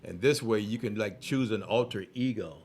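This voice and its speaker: Low-voiced talk radio host guy, chatty, gets excited reacting to the guest. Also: moderate pace. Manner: animated, enthusiastic, chatty. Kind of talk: radio interview.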